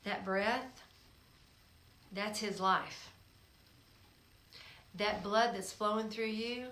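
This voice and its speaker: Coaxing woman preacher in a roomy space. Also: mid-range voice. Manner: coaxing, emphatic, swings from hushed to forceful. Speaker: show host. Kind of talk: spiritual exhortation. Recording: roomy echo.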